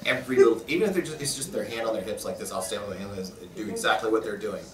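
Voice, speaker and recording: A man, a voice actor, telling stories casually in a convention press interview, animated and often laughing. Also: on the low side, rapid-fire. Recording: roomy echo, mic at a distance.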